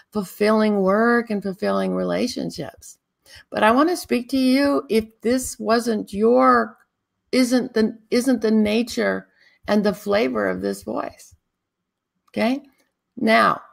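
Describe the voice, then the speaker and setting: A woman hosting a spiritual talk show, guiding listeners in a calm, drawn-out, meditative way. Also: medium pitch, gravelly. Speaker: spiritual teacher and show host.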